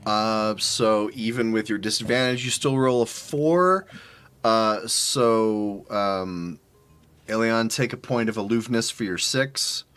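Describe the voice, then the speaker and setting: A man narrating a tabletop game as game master, relaxed and halting with frequent ums. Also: fairly low pitch, a little hiss or hum.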